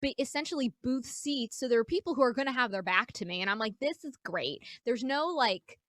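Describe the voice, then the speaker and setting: Woman comic from New York, high bright voice, animated storyteller. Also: fast, no echo. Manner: animated, acts out the people in her stories. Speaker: comedian, guest. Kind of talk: casual chat, comic storytelling.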